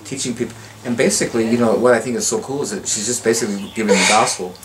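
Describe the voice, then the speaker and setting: A man's voice: fairly low pitch, very fast. Enthusiastic older man, noisy garden. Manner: enthusiastic, preachy, repeats and restarts. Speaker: gardener giving a tour. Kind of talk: casual storytelling. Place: outdoor garden.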